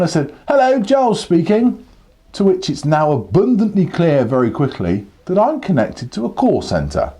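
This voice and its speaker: An Englishman hosting a monologue, his voice swooping widely as he tells his story indignantly. The tone is dark and mellow even when he gets worked up. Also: medium pitch. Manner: exasperated, animated, indignant. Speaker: show host.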